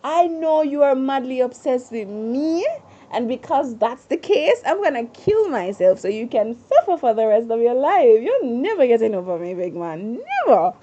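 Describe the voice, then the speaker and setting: A woman voicing a cold, scheming father bent on revenge, speaking slowly in a low, menacing way. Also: very animated, warm tone, muffled recording, slight background noise. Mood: taunting.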